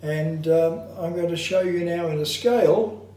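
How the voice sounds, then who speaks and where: A man's voice: a little high, mellow, a little hiss or hum. Echoey, distant male voice coach. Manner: measured, instructive, slows to stress points. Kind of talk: singing lesson with demonstrations.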